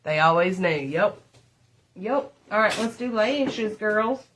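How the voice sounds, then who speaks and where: A middle-aged woman with a mid-range, fairly bright voice speaks slowly but animatedly while doing her makeup on a livestream. She rambles through stories, chats freely, and calls viewers "y'all." There's slight background noise.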